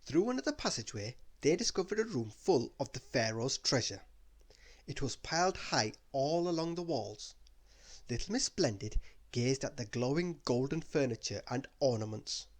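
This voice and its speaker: A man reading a children's storybook aloud in an expressive bedtime read-aloud style. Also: mid-range voice, moderate pace.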